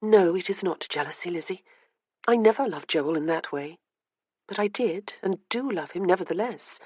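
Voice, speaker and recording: A woman voicing Anna, an earnest, warm-hearted young noblewoman in an audiobook. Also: lowish voice, lively intonation, normal speed, slightly rough, no room sound, dull audio. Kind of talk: audiobook character reading.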